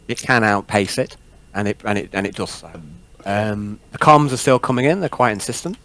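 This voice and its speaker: A man's voice: fairly low pitch, normal speed, fairly bright tone. A man running a tabletop role-playing game as game master, narrating in a rambling, self-deprecating way.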